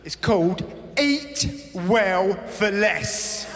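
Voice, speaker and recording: British stand-up comic in a large hall. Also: male voice, high-pitched, animated, extremely slow, fairly bright tone. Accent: British English. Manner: wry storytelling. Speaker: stand-up comedian. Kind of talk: stand-up routine.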